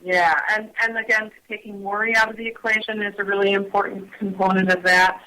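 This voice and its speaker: A woman speaks gently on a radio talk show, searching for her words with frequent pauses and restarts. Her voice has a bright, clear edge at a medium pitch. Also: little pitch movement, low-quality recording. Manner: gentle, hesitant, full of ums and restarts. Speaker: guest on mindfulness. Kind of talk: casual radio chat.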